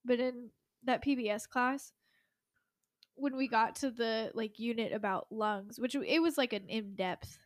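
A woman's voice: on the high side, unhurried, dry recording, studio quality. A woman in her twenties, co-hosting a podcast in casual chat, giggly and full of "like" fillers. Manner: chatty, giggly, many "like" fillers. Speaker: podcast co-host.

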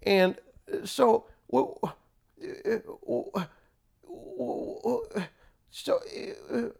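A hesitant, soft-spoken male radio commentator, as a man puts him on, pitched a little higher than a plain voice and kept quiet and careful. He halts, stumbles and keeps stopping between phrases. His tone is smooth and clear. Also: exaggerated voice. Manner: halting, full of ums and tag questions. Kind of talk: mocking impression in a podcast rant.

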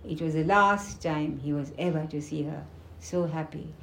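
A woman narrating a storybook with expressive, dramatic delivery. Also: low voice, moderate pace, vocal fry, slight background noise. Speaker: book reader. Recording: roomy echoing room.

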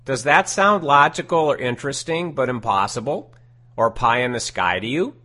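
A man giving scripted self-help teaching in a deliberate, emphatic way, repeating his key phrases. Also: mid-range voice, expressive, sharp tone.

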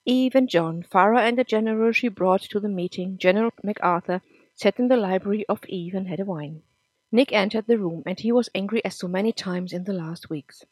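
A woman narrating a serialized story podcast in a measured, emphatic reading. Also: medium pitch, no room sound. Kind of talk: scripted audiobook narration.

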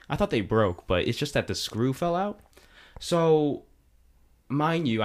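A young man telling a long, rambling story in casual chat, filling his talk with "like". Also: on the low side. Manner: animated, rambling, lots of "like".

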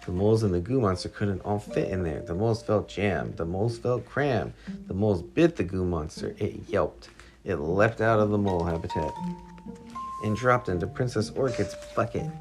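A man reading a children's story aloud with steady expression. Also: fairly low pitch, moderate pace. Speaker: storybook reader. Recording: clear music playing underneath.

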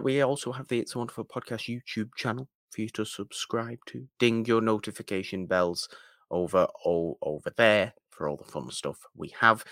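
A man co-hosting a podcast, reading out links and plugs in a measured, slightly formal way. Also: deep voice, bright, forceful tone, no echo, studio quality. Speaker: podcast co-host. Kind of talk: casual podcast outro with plugs.

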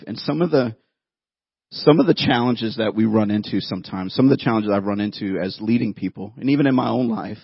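A man in his thirties, a pastor, preaching a sermon and telling a childhood story in an animated way, laughing at himself. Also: lowish voice, husky, dry recording, dull audio.

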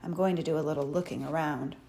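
Steady young boy, calm and reassuring, as a woman reads him. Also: sits low, quick pace, creaky, slight background noise. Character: level-headed, curious young boy.

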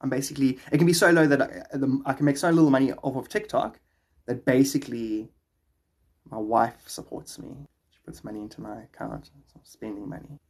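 A man's voice: medium pitch, steady tone, fairly quick, darkish tone, husky. A young South African man chatting casually with his live stream viewers, rambling and laughing often.

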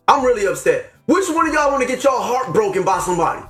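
A man's voice: extremely high pitch, big pitch swings, fast, few pauses, a bit bright, echoey room, soft background music. A man hosting a faith podcast, talking with fervent, slangy preachiness, upset and near tears. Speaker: podcast host. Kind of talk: impassioned faith talk.

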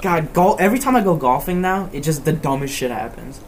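A teenage boy on a casual podcast, voice pitched a little high, spinning a rambling story full of swearing and laughs. A light hiss runs under the recording. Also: animated, a little fast. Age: teens. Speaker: podcast co-host. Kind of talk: casual chat.

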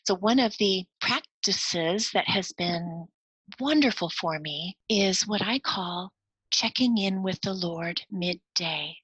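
Middle-aged woman, husky voice, dry close sound; gentle devotional speaker who slips into whispers. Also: fairly low pitch, slow, no echo, low-quality recording. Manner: soft-spoken, sometimes drops to a whisper. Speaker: speaker to cross-cultural workers. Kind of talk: reflective devotional talk.

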